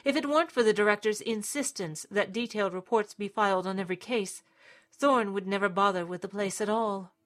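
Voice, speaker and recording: A woman's voice: medium pitch, fairly quick. A woman narrating a story in a dramatic, scripted reading style.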